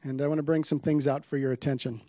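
A man's voice: a little high, level tone, quick pace, dark tone, no room sound. A man giving a sermon, reading scripture aloud with dramatic emphasis on the quoted lines before explaining the passage. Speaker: preacher.

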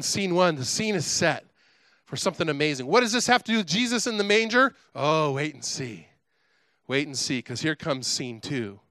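A middle-aged pastor preaches a sermon, telling the story with animated energy and chatty asides. His voice is bright and forceful and sits slightly high. The sound is dry and close. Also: smooth, dry recording.

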